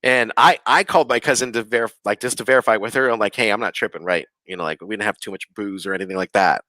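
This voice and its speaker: A man's voice: lowish voice, fast talker, sharp tone, no echo. A man, a podcast guest, telling a story casually, rambling with lots of fillers and acting out quoted dialogue. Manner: rambling, filler-heavy, with frequent "like" and "you know"; acts out quoted lines of dialogue. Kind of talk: casual storytelling of a ghost experience.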